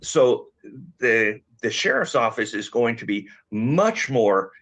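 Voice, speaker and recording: A man with a slightly failing voice, a former investigator, giving measured analysis with frequent fillers. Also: medium pitch, very animated, fairly bright tone. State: losing his voice. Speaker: former law enforcement guest. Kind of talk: conversational expert analysis. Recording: dull lo-fi audio.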